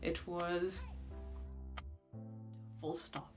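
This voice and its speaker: Woman, young adult, storytime vlog, expressive, gasps and laughs, background music. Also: lowish voice, very slow. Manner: expressive, reenacts others' lines with gasps and laughs. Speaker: vlogger.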